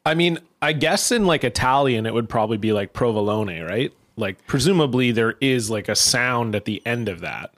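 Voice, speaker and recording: Wry man with an even, mid voice. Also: mid-range voice, normal speed, few pauses. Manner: wry, exasperated storyteller. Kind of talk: casual comedic chat.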